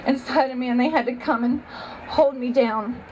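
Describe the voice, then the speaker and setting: A woman's voice: high-pitched, moderate pace, darkish tone, a little hiss or hum, rough recording. A woman giving a personal testimony, telling her story earnestly and with emotion.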